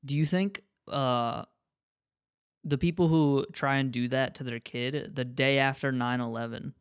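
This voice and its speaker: A young man in casual podcast banter, mid-pitched and loose, swearing freely between laughs. The sound is dry and close, with no room around it. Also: steady tone, a little slow, smooth, dry recording. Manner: loose, joking, swears often. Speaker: podcast co-host. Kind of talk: casual chat.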